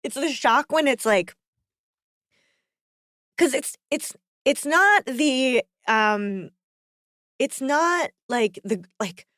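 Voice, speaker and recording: A woman's voice: high-pitched, lively intonation, very slow, pauses often, fairly bright tone, no room sound, clean studio sound. A woman co-hosting a casual podcast, rambling with many fillers and laughing through tears. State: tearful, on the verge of crying. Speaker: podcast co-host. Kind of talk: casual chat.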